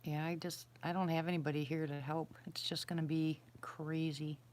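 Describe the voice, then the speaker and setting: Outdoors at night, a middle-aged woman hosts a loose live stream, rambling and restarting as she answers viewers one at a time in a plain, homey, chatty way. Her voice is slightly low and a little mellow, with little pitch movement and a moderate pace.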